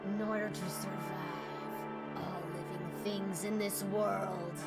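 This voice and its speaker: A woman's voice: medium pitch, flat delivery, over loud music, voice pushed down. A woman voicing a grim, solemn villain. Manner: slow, solemn, measured. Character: grim villain condemning humanity.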